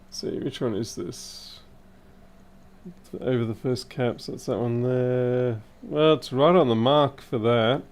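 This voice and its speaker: A man thinking aloud in casual live-stream commentary as he repairs electronics, his voice a little hoarse and wavering. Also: medium pitch, steady tone, takes it slowly, darkish tone. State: slightly hoarse. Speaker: repair technician livestreaming.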